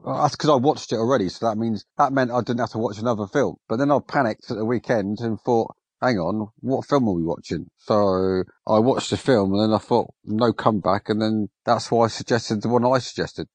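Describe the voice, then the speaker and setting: A man's voice: fairly low pitch, brisk, hardly any pauses, darkish tone, dry recording. Chatty man, dry close sound. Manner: chatty, defensive, mild exclamations. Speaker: podcast co-host. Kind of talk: casual film review chat.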